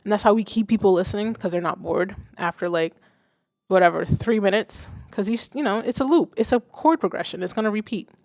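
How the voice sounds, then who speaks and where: A woman's voice: medium pitch, fairly quick, a little mellow, no room sound, studio quality. A young woman from Haiti hosting a live music listening stream, giving candid, casual feedback and swearing freely. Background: submitted song playing.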